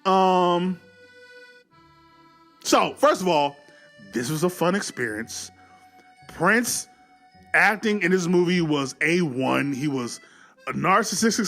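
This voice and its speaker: A man casually recapping a movie, animated, often acting out the characters' lines. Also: a little high. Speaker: movie reviewer.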